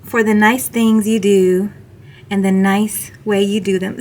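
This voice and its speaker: Young woman, nurse vlogging, excitable and giggly, mid-range voice over a noisy recording. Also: unhurried, long pauses, reverberant. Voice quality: giggly and excitable, voice jumps high when moved. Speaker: night-shift hospital nurse. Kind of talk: casual vlog to camera. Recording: noisy background hiss.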